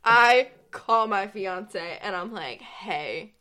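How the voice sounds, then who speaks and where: A woman's voice: medium pitch, lively intonation, drawn-out words, sharp tone, clean tone. A young woman co-hosting a podcast, telling a story in casual chat with lots of "like" and frequent laughter. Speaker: podcast co-host.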